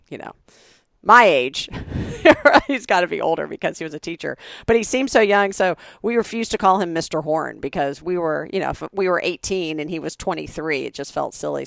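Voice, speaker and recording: A woman co-hosting a podcast, chatting casually and teasing her co-host with quick interjections. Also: sits low, creaky, dry recording, studio quality. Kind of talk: casual chat.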